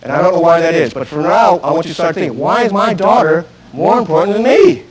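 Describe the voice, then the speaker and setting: Self-defense instructor, male, high-pitched, intense, talks straight at a live seminar crowd. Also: fast, rough recording. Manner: intense, direct, questions the audience. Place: room with an audience. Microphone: archive video recording.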